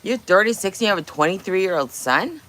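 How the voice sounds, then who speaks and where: Broadcasting live from her home kitchen, a woman hosts a casual stream, teasing viewers and cursing freely in blunt chat. She speaks briskly in a mid-range, fairly bright voice with lively intonation, over a little hiss or hum.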